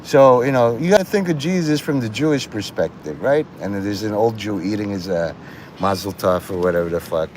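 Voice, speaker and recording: A man's voice: fairly low pitch, lively intonation, a little fast, darkish tone, a little hiss or hum. Rambling, profane man streaming outdoors. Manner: rambling, profane, laughs at own jokes. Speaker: livestream host. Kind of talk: rambling livestream monologue.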